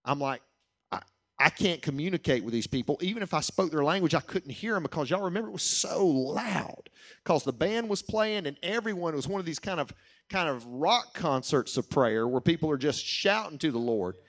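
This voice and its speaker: A man's voice: fairly high pitch, animated. Earnest man preaching a sermon. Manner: earnest, slows down to stress key lines. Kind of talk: sermon with personal story.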